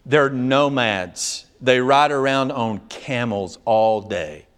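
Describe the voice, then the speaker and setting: A man's voice: medium pitch, slow pace, smooth. A male pastor preaching a sermon, telling stories with emphatic delivery and acting out dialogue.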